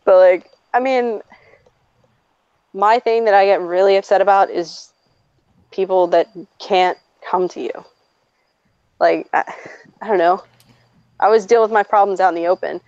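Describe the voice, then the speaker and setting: A woman's voice: mid-range voice, moderate pace, long pauses, darkish tone, clean tone, dry recording. A woman in her twenties chatting casually and telling personal stories, blunt and profane, often laughing as she talks. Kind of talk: casual chat, personal storytelling. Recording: slightly dull, dry recording.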